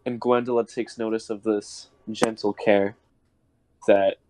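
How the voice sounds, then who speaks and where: A man's voice: on the low side, flat delivery, measured pace, a little mellow, dry recording. A man guesting on a show, laid-back and crude while improvising a silly story. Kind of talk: improvised comedy story with a friend.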